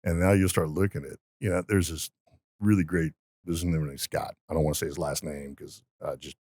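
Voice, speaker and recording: A man's voice: extremely low pitch, fairly even intonation, a little fast, darkish tone, no room sound. A man telling stories in a casual podcast conversation, emphatic and motivational. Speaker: podcast guest.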